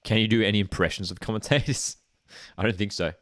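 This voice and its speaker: A man hosting a live football watchalong stream, commentating and chatting, excitable at big moments. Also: a little fast, no echo, studio quality. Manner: chatty, excitable, jumps up in pitch at key moments.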